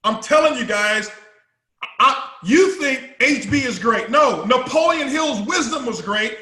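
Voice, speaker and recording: High, bright-voiced man preaching success. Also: expressive, a little slow, reverberant. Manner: emphatic, repetitive, preaching. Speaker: company CEO giving a motivational talk. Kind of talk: motivational speech.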